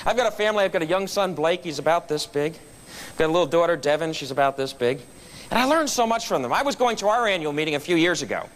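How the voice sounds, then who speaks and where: High-voiced man telling a funny story. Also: lively intonation, fast. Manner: storytelling with punchlines. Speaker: guest speaker at a club meeting. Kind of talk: humorous motivational speech. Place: meeting room.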